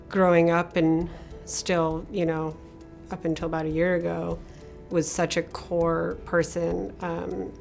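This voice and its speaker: A woman with a low, gravelly voice talks in a documentary interview. Her pitch stays flat as she pauses and searches for her words. Soft music plays underneath. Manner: halting, reflective. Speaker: patient.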